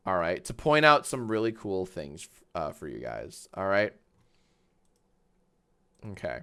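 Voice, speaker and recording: A man hosting a live stream, chatting casually and loudly, swearing, laughing and getting excited in bursts. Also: slow, pauses often, a little hiss or hum. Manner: excitable, loud, swears, laughs often, big swings in pitch and volume. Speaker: livestream host. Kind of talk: casual livestream chat.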